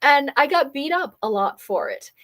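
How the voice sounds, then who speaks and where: A woman from Germany who speaks English with no accent, talking as a coach in a live webinar. Her voice sits a little high, and she is energetic and persuasive, tagging nearly every point with a quick "okay?" or "right?". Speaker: business coach hosting a live workshop. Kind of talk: live webinar sales pitch.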